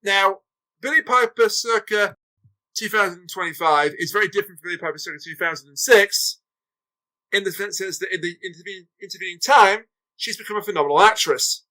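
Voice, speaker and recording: A man's voice: sits high, a little fast, sharp tone, poor audio. A man co-hosting a casual review podcast, earnest and emphatic in his opinions. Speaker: podcast co-host. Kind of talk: casual chat.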